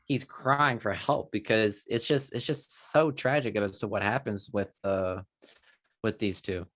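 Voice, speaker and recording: Man, podcast co-host, low voice, dry close sound, rambling casual chat. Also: fairly even intonation, a little slow, fairly bright tone, dry recording. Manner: rambling, many restarts and mild exclamations.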